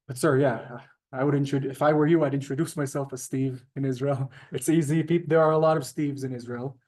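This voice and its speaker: In a synagogue classroom, a man gives a language lesson, walking through it step by step with plenty of ums and side remarks. His voice is medium in pitch and mellow.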